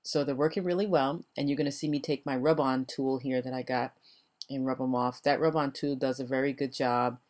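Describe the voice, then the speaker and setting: An older woman with a strikingly deep, low voice talks over her crafting footage in a loose, rambling way. She chuckles often as she chats along. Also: fairly even intonation, a little fast, darkish tone. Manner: chatty and rambling, laughs often. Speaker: crafting vlogger. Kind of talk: casual voice-over narration of a craft video.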